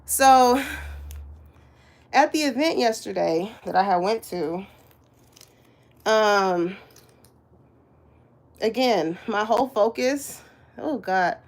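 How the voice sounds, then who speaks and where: A woman's voice: mid-range voice, expressive, slow, pauses often. Profane, laughing spiritual reader woman. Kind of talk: casual direct-to-camera spiritual reading.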